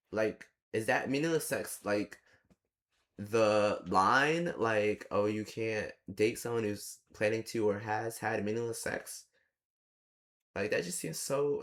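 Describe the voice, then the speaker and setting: A young man giving a rambling, exasperated casual movie review, often slipping into mock quotes of the characters. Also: lowish voice. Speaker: movie reaction host.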